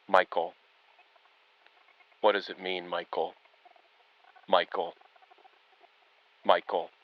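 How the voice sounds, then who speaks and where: An eerie male voice, as a streamer puts it on, drops deep and slow and keeps chanting the same call. The sound is dry and close to the mic, with nothing behind it. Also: no echo, highs cut off. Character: eerie droning male voice calling out in the dark.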